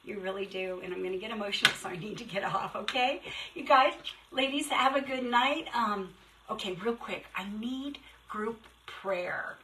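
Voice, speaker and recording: A middle-aged woman hosting a casual live craft stream, chatty and rushed, greeting viewers by name. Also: a little high, animated, pushed and bright, far from the mic, a little hiss or hum, rough recording. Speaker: craft shop host.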